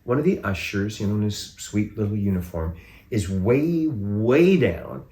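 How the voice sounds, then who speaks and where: Man with a low voice, roomy echo. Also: unhurried. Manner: relaxed storytelling with hesitant restarts. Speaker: podcast host. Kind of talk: casual chat.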